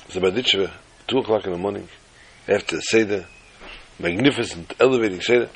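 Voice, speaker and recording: A man's voice: lowish voice, quick pace, slight background noise, low-quality recording. A man telling a folk tale in a rambling, self-deprecating way, stumbling and repeating words. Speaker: storyteller. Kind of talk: casual spoken storytelling.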